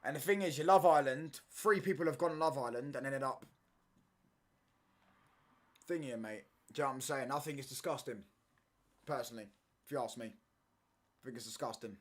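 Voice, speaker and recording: A man's voice: mid-range voice, normal speed, long pauses. A young man, chatting casually through a football watchalong stream in slangy banter, ending lines with "mate" and "bro".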